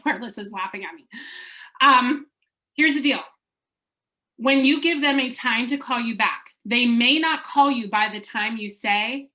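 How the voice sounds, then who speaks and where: Upbeat woman sales coach, kinda high voice, chatty, acts out example voicemails. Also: pushed and bright. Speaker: real estate sales coach. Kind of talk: coaching lesson to agents.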